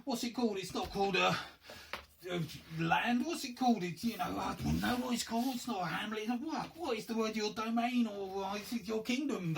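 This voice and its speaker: A middle-aged man rambles through an unscripted vlog, quick and self-deprecating, sometimes hunting for a word. His voice sits high, and the recording is a little distant, with faint noise behind it. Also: fairly bright tone. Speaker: board game box maker and reviewer.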